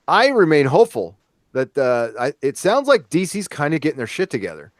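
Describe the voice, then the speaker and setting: A man's voice: on the high side, huge pitch swings, brisk, no echo, clean studio sound. A man hosting a podcast, chatting casually in a rambling way with lots of fillers and swearing. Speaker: podcast host. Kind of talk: casual chat.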